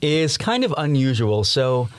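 A man in his twenties from Massachusetts, a student guest on a podcast, telling lively stories and laughing now and then. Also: medium pitch, unhurried, clear, resonant tone. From Massachusetts, USA. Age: 20s. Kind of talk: storytelling in an interview.

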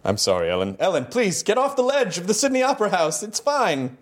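A man's voice: high-pitched, wildly swooping pitch. Playful, teasing man host. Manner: playful, teasing, quick jokes. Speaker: talk show host. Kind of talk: joking interview chat.

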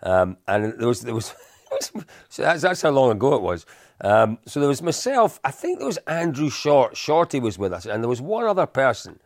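Gravelly older man telling stories. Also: mid-range voice, normal speed, no echo, studio quality. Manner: animated anecdotes with frequent laughs and repetitions. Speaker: podcast co-host. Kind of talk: casual storytelling chat.

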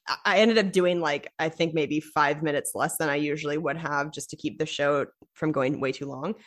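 A woman's voice: sits low, fairly even intonation, normal speed. A woman comedian co-hosting a podcast, talking in a chatty, rambling way. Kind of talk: casual chat.

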